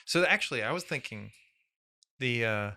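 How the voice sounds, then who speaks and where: A young man hosting a podcast, talking thoughtfully in a casual chat, often pausing and restarting. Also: medium pitch, animated, bright, forceful tone. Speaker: podcast host.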